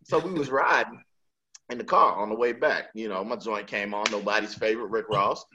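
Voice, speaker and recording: A man co-hosting a podcast in casual banter, an animated storyteller who laughs a lot and acts out the lines he quotes. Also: fairly low pitch, brisk, noisy background. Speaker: podcast co-host. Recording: dull lo-fi sound.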